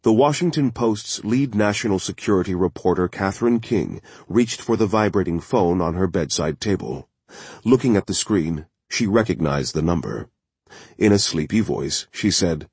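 Male thriller narrator, very low, husky, steady, dry booth sound. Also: moderate pace, no echo. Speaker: audiobook narrator.

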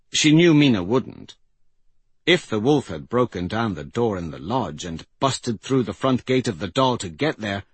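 A man reading a fantasy audiobook in a measured, dramatic way, with his pitch rising in the tense passages. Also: breathy edge, no echo. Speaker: audiobook narrator. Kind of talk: scripted fantasy narration.

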